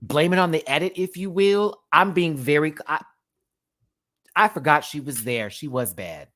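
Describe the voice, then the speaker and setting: A man's voice: on the high side, a bit bright. A man from Houston, hosting a live reaction stream with sassy, campy asides. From Houston, Texas. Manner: sassy and campy, quick asides and frequent laughter. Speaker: host of a live reaction show. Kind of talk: casual livestream commentary.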